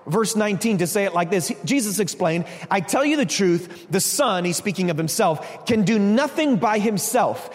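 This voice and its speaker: A man preaching a sermon as a pastor, animated, acting out quotes. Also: high voice. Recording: reverberant hall.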